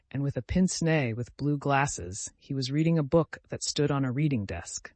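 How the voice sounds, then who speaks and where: Measured male audiobook narrator, dry sound. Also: medium pitch, no echo. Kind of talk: scripted narration.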